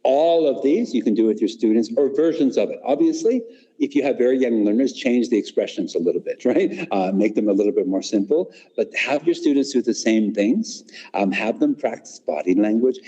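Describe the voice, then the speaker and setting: A man running a live online workshop for teachers, energetic and demonstrative, often checking in with "right?". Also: on the low side, long reverb tail, highs cut off. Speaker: teacher trainer.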